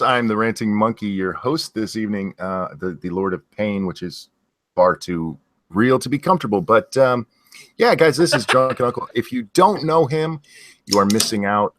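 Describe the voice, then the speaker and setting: A man hosting a live podcast, talking in a halting, stammering way and laughing easily. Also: on the low side, expressive, a bit bright, no room sound. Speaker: podcast host. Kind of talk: casual podcast banter.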